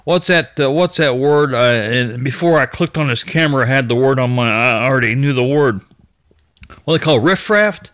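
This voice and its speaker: A man's voice: medium pitch, normal speed, a bit bright, no echo. A man casually retelling what another person found in an abandoned store, rambling with restarts and mild cursing. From United States. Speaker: YouTube storyteller.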